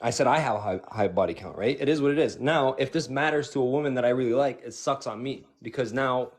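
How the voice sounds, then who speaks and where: A man's voice: mid-range voice, quick pace. A man in a casual debate, talking loosely with many fillers and some swearing.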